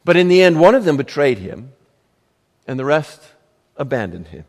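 A man preaching a sermon in a church sanctuary, his fairly high voice carrying a long echo from the hall. He speaks emphatically and in a measured way, with dramatic pauses and rhetorical questions. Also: very animated, creaky, a little mellow. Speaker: pastor.

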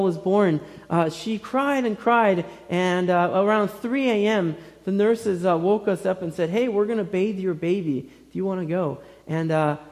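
A man in his thirties preaching a sermon as pastor, earnest and gentle, speaking in short phrases with many pauses. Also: high voice. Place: church sanctuary. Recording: reverberant church hall.

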